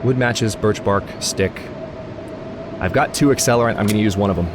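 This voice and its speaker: A man's voice: fairly low pitch, brisk, background noise. A man hosting a let's play, rambling through gaming commentary and grumbling at the game in exasperated asides. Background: game music.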